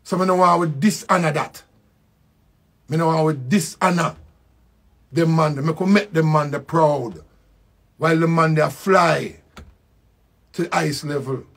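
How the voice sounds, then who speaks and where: An older man with a Jamaican accent giving a slow, reflective spoken tribute, repeating his phrases. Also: fairly high pitch, creaky, a bit bright. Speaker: musician.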